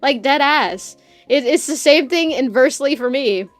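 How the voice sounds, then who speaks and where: Loud woman streamer rambling and swearing, voice a bit high, dry close sound. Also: animated, normal speed, no room sound, soft background music. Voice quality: loud, crude and rambling, with frequent laughter. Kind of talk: casual chat while drawing on stream.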